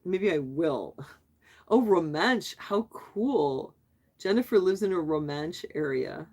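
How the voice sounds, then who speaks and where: A middle-aged woman hosts a relaxed livestream, reading viewer comments and answering them in an easy, chatty way. Her voice sits a little low for a woman, and she often fires questions back at her viewers and breaks into laughter. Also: slow. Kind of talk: casual live chat.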